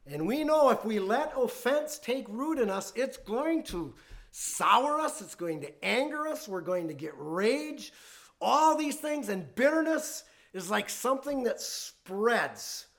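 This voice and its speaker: A man's voice: very high-pitched, big pitch swings, slow pace, a bit bright. A man preaching a conversational sermon, telling folksy stories and chuckling along the way. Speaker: pastor.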